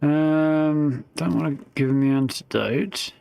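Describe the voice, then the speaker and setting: Rambling streamer, slightly high. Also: male voice, takes it slowly, gravelly, mellow, smooth. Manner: casual, rambling, thinks aloud with fillers. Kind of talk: live gameplay commentary.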